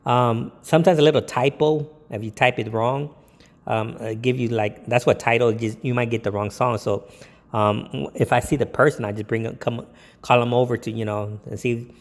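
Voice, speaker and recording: A man's voice: medium pitch, fairly even intonation, moderate pace, in a large hall. A man who works as a DJ, talking casually and a bit rambling as he gives tips, with lots of ums. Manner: rambling, with many ums and jokey put-on quotes. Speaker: DJ giving business tips. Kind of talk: casual talk to camera.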